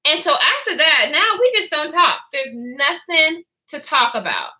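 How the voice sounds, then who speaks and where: High-voiced and forceful, she speaks at a measured pace with big pitch swings and a bright sound. She's a woman in her twenties doing a candid, profane, chatty storytime vlog while answering live comments.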